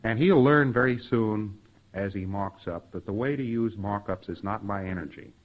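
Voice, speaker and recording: A man speaking at normal speed in a lowish voice gives a folksy spoken lecture to trainees, acting out bits of dialogue and sound effects. The lo-fi recording sounds dull and muffled.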